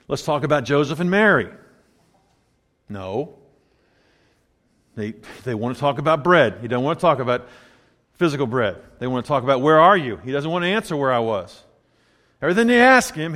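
A man preaching a sermon in a conversational way, swinging between quiet, low asides and emphatic, rising points. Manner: conversational preaching, drops to a low murmur then rises emphatically. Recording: long hall reverb.

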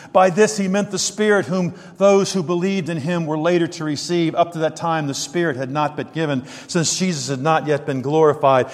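Male preacher, slightly high voice, swings quiet to emphatic, big hall reverb. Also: fairly even intonation, brisk, hardly any pauses. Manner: builds from quiet reflection to loud emphatic stresses. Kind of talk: sermon.

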